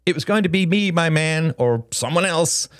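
A man reading an audiobook, voicing a jittery, brash young woman who rambles fast and sardonically. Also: on the high side, lively intonation, dry recording, studio quality, lightly acted. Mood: pleading. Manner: rapid, restless, sardonic rambling.

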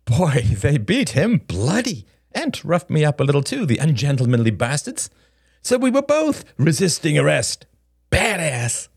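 Brief: restless, sharp-tongued young woman in an audiobook, lively swooping pitch, dry close sound, voiced by a male reader. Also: creaky, slightly rough, dry recording, exaggerated voice. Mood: jittery. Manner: rapid, restless, sardonic rambling. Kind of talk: audiobook character reading.

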